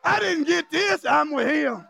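A male pastor preaching a fiery revival sermon, often shouting with emotional cries and joking with the congregation in casual, informal grammar. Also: extremely high pitch, lively intonation, a little slow, gravelly. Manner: jokes and laughs with the congregation.

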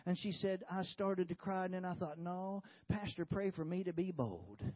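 A man's voice: high-pitched, normal speed, dry recording, highs cut off. A man preaching a sermon, telling a story with many repeated "he said"s and hallelujahs. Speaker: pastor.

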